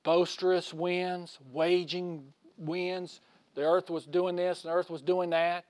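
A man giving a conversational sermon in a folksy way, asking his listeners questions and swinging from loud to hushed. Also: sits high, little pitch movement, slow pace, dry recording. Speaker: preacher.

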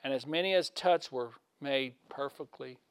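A man giving a conversational sermon in a folksy way, asking his listeners questions and swinging from loud to hushed. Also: mid-range voice, moderate pace, clear, resonant tone, no room sound. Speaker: preacher.

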